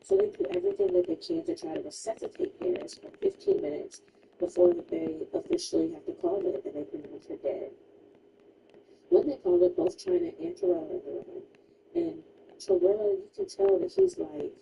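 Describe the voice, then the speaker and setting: A woman's voice: very high voice, sing-song, moderate pace, gravelly, dark tone, far from the mic, a little hiss or hum, poor audio. A woman streamer casually retelling a true crime story while gaming, emphatic and chatty, full of "like" asides.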